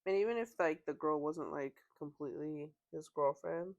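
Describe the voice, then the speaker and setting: The sound is lo-fi, and the speaker is a female podcast host with a deep, darkish voice at a moderate pace. She chats conversationally while reading online stories aloud, with laughs and fillers along the way.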